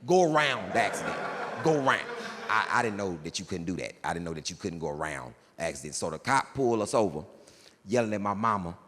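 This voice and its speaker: A male stand-up comedian telling stories in a jail, animated and jumping up into excited shouts. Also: deep voice, quick pace. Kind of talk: stand-up storytelling. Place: jail, large hard room. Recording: long hall reverb, faint noise.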